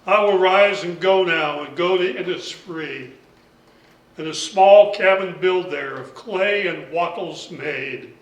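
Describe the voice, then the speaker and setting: A man reading a poem aloud in a measured, deliberate way at a poetry salon. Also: high voice. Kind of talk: slow poetry recitation. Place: lounge bar, indoors. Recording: echoey room, voice from far off.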